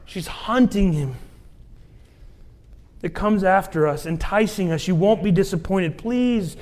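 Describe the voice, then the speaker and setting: A man preaching a sermon, swinging between hushed, whispered lines and loud, emphatic passages. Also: high voice, unhurried. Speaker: pastor.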